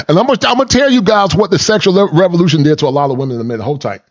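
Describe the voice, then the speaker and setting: A man's voice: fairly high pitch, lively intonation, very fast, lo-fi sound. A man in his fifties hosting reaction commentary, preachy and repetitive, laughing at his own points and using folksy slang. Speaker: channel host and commentator.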